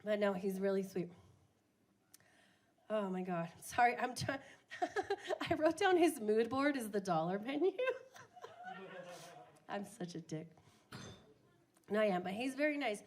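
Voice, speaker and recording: A woman's voice: medium pitch, animated, unhurried, pauses often, darkish tone. A young woman doing a crude, self-mocking stand-up comedy set on a bar stage, often laughing at her own jokes.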